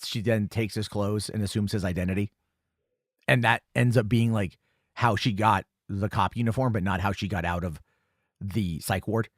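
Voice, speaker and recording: A man's voice: on the low side, steady tone, normal speed, dry recording, clean studio sound. A man hosting a film commentary podcast, recapping the plot in a loose, rambling way with many fillers and self-corrections. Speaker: podcast host reviewing a film.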